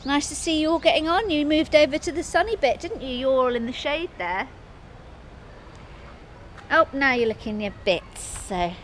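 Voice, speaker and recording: A woman's voice: high voice, lively intonation, moderate pace. Chatty woman vlogging on a noisy street. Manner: chatty, rambling, soft and subdued at times. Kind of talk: casual walking vlog. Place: outdoors on a street.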